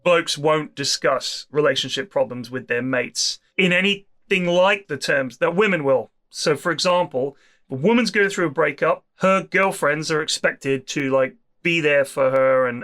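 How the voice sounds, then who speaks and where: A man co-hosting a podcast in casual chat, lively and jokey, quoting people in put-on voices. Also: medium pitch, moderate pace. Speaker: podcast co-host.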